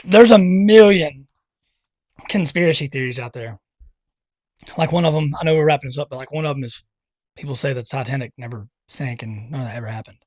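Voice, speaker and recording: A man's voice: mid-range voice, fairly quick, long pauses, darkish tone, dry recording. Blunt, talkative male podcast co-host. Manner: blunt, loose and profane, jumps in over others. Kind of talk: casual chat.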